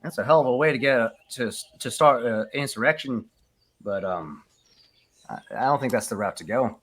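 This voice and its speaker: A man voicing a wry male spacer who gives grudging praise in a halting way, chuckling low. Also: animated, fairly bright tone. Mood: amused.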